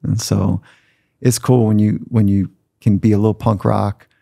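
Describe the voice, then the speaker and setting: Middle-aged male podcast guest, gravelly and candid, animated storyteller, dry recording. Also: lowish voice, normal speed, no echo. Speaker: podcast guest, sport psychologist. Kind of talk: storytelling conversation.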